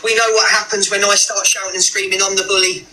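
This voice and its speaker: A man's voice: high voice, flat delivery, fast talker, noisy background. A man ranting angrily on a livestream, swearing often and repeating himself. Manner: angry, sweary, repetitive. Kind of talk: heated livestream rant.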